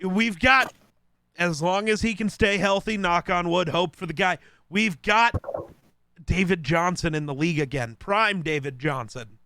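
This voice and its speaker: A man co-hosting a casual sports podcast, blunt and quick to swear as he teases the others. His voice is bright and smooth, and it is recorded dry and close. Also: sits high, dry recording. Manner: blunt and profane, teasing. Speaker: podcast co-host.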